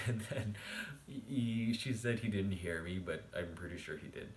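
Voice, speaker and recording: A man quietly telling a casual storytime vlog late at night at home, keeping his voice down and laughing often. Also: sits low, normal speed, reverberant, slight background noise. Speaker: vlogger.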